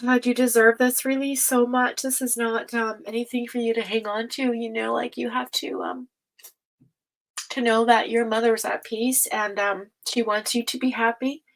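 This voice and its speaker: A woman hosting a tarot reading livestream, talking casually and affectionately to viewers, with many fillers, sighs and soft laughs. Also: a little high, level tone, normal speed, rough recording. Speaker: tarot reader and livestream host.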